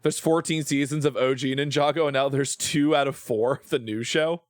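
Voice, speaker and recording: A man's voice: medium pitch, fairly even intonation, quick pace, few pauses, clear, resonant tone, dry recording, clean studio sound. A man streaming a game, rambling playfully about shows and swearing freely as he plays. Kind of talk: casual live-stream chat while gaming.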